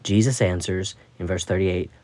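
A man's voice: sits low, steady tone, moderate pace, a little mellow, no room sound. A man hosting a Bible study podcast, teaching scripture in a thoughtful, musing way with frequent restarts.

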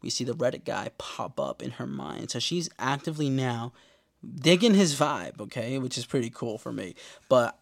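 A man casually recapping television episodes in a slangy, laid-back way with quick asides. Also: mid-range voice, animated, vocal fry.

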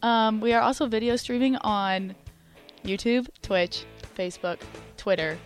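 A woman's voice: fairly high pitch, a little slow, faint music behind. A young woman from Texas with a light Southern twang, co-hosting a radio show in casual, chatty talk. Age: young adult. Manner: chatty, laughs often. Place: radio studio. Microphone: studio microphone.

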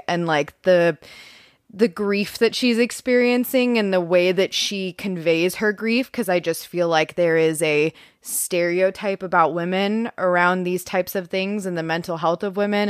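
A woman's voice: fairly low pitch, smooth, no room sound, clean studio sound. Earnest young woman co-host. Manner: earnest, thoughtful, a bit halting. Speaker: podcast co-host. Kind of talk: casual chat.

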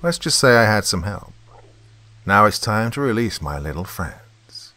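A man's voice: lowish voice, sing-song, unhurried, pushed and bright, heavily acted. A man voicing a gleeful, menacing young man crawling with centipedes, talking in a smug, taunting way.

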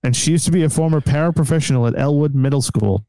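A man's voice: fairly high pitch, quick pace, mellow, smooth, dry recording. A man hosting a podcast, reading news stories in a crude, joking casual chat. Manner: crude, joking, laughs often. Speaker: podcast host.

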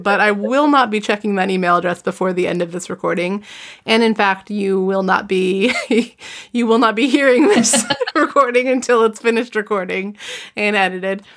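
A woman's voice: mid-range voice, a little fast. A woman hosting a podcast, casually recapping a book and laughing often as she reads passages aloud. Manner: laughs often while summarizing and reading aloud. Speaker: podcast host.

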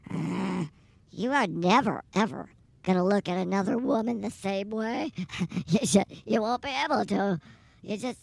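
A man's voice: high voice, gravelly, dry recording, exaggerated voice. A man voicing a brash, flirty middle-aged woman passenger who rambles crudely and teases her driver in an improvised comedy sketch.

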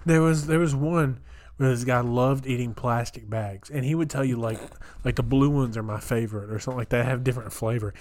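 A young man co-hosting a podcast, telling animated stories in casual chat, full of fillers and acted-out quotes. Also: medium pitch, fairly quick. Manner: animated storyteller, many "like" fillers, acts out quotes. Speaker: podcast co-host.

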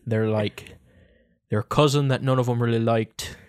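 A man's voice: mid-range voice, steady tone, measured pace. A man co-hosting a podcast in casual chat, giddy and giggly, often restarting his sentences. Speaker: podcast co-host.

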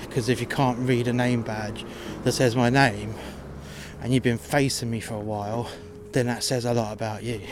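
A man telling a story about his job in a blunt, sweary and exasperated way. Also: medium pitch. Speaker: podcast host telling work stories. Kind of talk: casual storytelling monologue.

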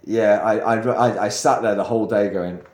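A man's voice: fairly low pitch, fairly even intonation, normal speed, a little mellow, echoey room. A young man telling a story on a podcast, rambling and laughing as he goes. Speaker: podcast co-host. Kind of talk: casual storytelling chat.

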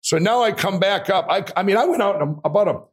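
A man, a guest in an interview, telling a long personal story in an animated way, with frequent restarts and acted-out quotes. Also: high-pitched, quick pace, breathy edge. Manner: animated, restarts often, acts out quoted voices.

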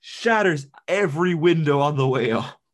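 Animated sweary man riffing on a movie. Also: fairly high pitch, moderate pace. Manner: swearing, jokey, animated retelling. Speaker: podcast co-host. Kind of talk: casual movie commentary chat.

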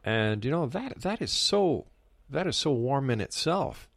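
A man hosting a long-running radio talk show, asking slow, halting questions. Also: medium pitch, very animated, vocal fry, dry recording.

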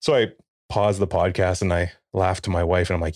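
A man in his forties with a low voice tells a family story on a podcast, acting out what everyone said. The sound is dry and close, with no room around it. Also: a little fast, dry recording. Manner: animated storyteller, acts out quotes. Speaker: podcast co-host. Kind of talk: casual chat.

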